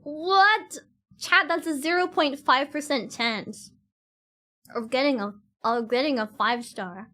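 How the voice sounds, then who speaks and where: Giggly high-voiced woman streamer. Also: takes it slowly, pushed and bright. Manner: giggly and chatty, laughs often; loose, slightly non-standard grammar. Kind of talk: casual chat with stream viewers.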